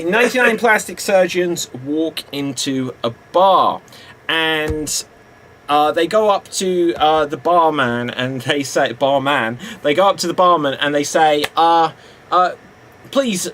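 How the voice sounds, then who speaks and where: A man's voice: on the high side, a bit bright. A man hosting an improv game in a casual, hesitant way, laughing often between jokes. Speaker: improv host. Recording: faint background noise.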